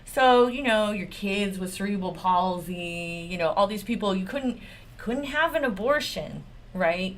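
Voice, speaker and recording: A woman's voice: mid-range voice, animated, unhurried. A woman lawyer hosting her own channel, giving blunt, sarcastic political commentary full of swearing. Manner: mocking and exasperated. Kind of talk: profane political commentary rant.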